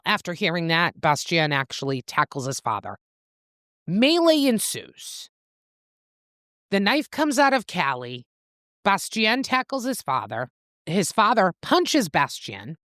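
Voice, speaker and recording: A woman's voice: medium pitch, a bit bright, no room sound, clean studio sound. A woman co-hosting a book podcast, animatedly retelling a novel's plot and swearing freely. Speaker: podcast co-host. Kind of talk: casual book-club recap.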